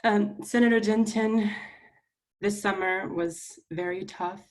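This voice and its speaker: Young woman senator saying sorry in front of everyone, halting, almost crying. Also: medium pitch, fairly even intonation. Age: young adult. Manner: earnest, emotional, halting. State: near tears. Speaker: student senator. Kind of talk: public apology at a meeting.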